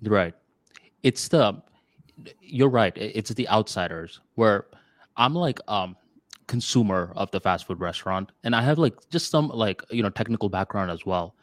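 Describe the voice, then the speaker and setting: In this casual podcast debate, a co-host with a low voice rambles at a moderate pace, leaning heavily on fillers like "like" and "dude." His delivery is animated, and his pitch leaps upward whenever he imitates others. The sound is dry and clean, studio quality.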